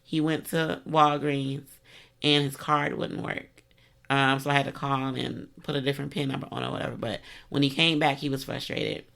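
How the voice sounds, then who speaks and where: A middle-aged woman hosting a casual interview, chatty and quick to laugh. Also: extremely low pitch, gravelly. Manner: chatty, laughs easily, animated when telling stories. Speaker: podcast host.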